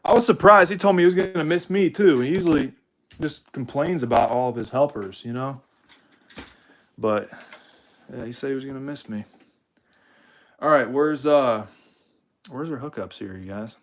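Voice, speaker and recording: A young man from Ohio, in the United States, hosts a livestream and chats casually to his viewers while setting up gear, rambling, swearing and calling them "dude." His voice is mid-range, at a moderate pace, with frequent pauses.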